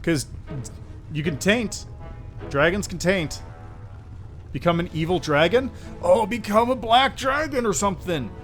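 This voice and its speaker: A man in casual chat as he streams a game, reading lines aloud as he goes. His voice sits a little high. Quiet game music plays underneath. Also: a little slow, long pauses. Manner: casual, offhand, reads dialogue aloud.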